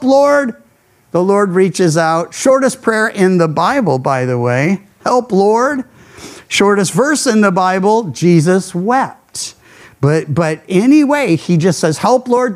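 On the radio, a pastor with a high voice works his way through a Bible passage in a sermon. He teaches like a folksy storyteller, chatty and prone to offhand asides.

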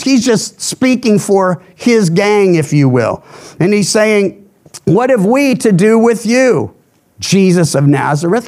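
A middle-aged male pastor with a high voice teaches from the Bible. He is earnest and emphatic and often restarts a phrase mid-sentence. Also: darkish tone.

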